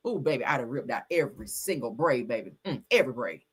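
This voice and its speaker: A woman hosting a livestream, reading news aloud and reacting in a sassy, animated way, swearing and calling her viewers baby and girl. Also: rumbling low, fast talker, husky. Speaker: livestream host. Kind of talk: casual news commentary and ranting.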